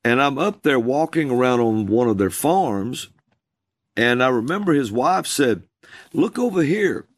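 A man telling a story at an unhurried, drawn-out pace. His voice is dry and close, with no room around it, and sits at a middle pitch. He sounds like a minister sharing a testimony in a talk show. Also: expressive, no room sound. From USA. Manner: slow, drawn-out storytelling with calls acted out in a high voice. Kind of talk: storytelling in a conversation.

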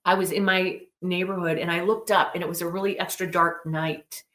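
A middle-aged woman telling a personal story in an earnest, animated way as an interview guest. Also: fairly low pitch, a little fast. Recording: roomy echo.

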